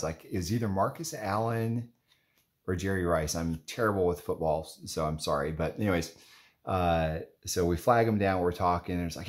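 Low-voiced chatty man sorting cards. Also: normal speed. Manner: rambling and chatty, lots of "like" and "anyways". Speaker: card collector vlogger. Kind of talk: casual running commentary while flipping through cards.

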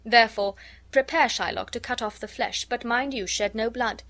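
A woman's voice: fairly high pitch, a bit bright, natural voice. Woman reading as Portia, a grave young counsellor. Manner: grave and measured.

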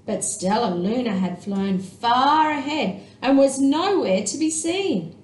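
Slow, expressive woman teacher reading aloud. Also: sits high, roomy sound, low-quality recording. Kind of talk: reading a picture book aloud.

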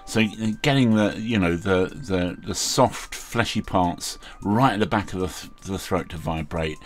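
A man's voice: low voice, a little slow. A man hosting a casual how-to tutorial, talking in a rambling, chatty way with many fillers. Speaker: video host.

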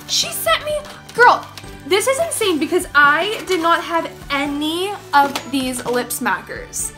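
Young female vlogger, high-pitched and gushing, faint music underneath. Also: lively intonation, slow. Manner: gushing, gasping, easily thrilled. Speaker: beauty vlogger. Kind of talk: excited casual vlog talk.

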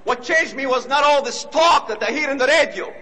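A man giving an impassioned speech, emphatic and repetitive, now and then rising to shouts. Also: very high voice, a little fast, poor audio. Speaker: speaker.

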